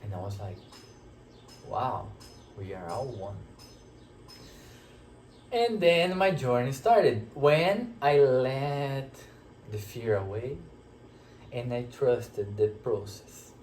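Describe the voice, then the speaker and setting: A man telling a personal spiritual story to camera, in an emotional, reflective way with many pauses. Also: mid-range voice, expressive, a little mellow, a little hiss or hum. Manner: slow, emotional, reflective, pausing often. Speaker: spiritual teacher sharing a personal experience. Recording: echoey room.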